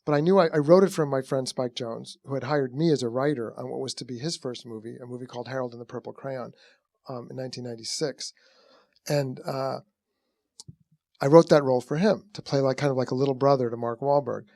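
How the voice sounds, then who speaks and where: Speaking onstage, this male film director rambles through stories and performs other people's lines, frequently starting over and saying "you know". His mid-range voice is fairly quick with vocal fry. It's studio quality with no room sound.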